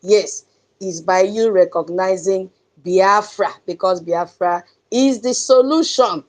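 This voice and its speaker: A woman's voice: medium pitch, slow pace, darkish tone. A woman with a Nigerian accent hosting an online audio space, speaking in an emphatic, preachy advocacy style. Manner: chanting drum sounds, emphatic and preachy, laughs often. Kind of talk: impassioned advocacy talk.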